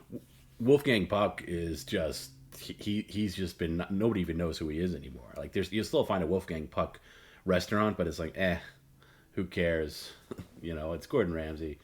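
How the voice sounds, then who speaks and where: A man with a deep, low voice rambles through a late-night solo talk stream. He is middle-aged and blunt, and his opinions tumble out between fillers and restarts. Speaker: host.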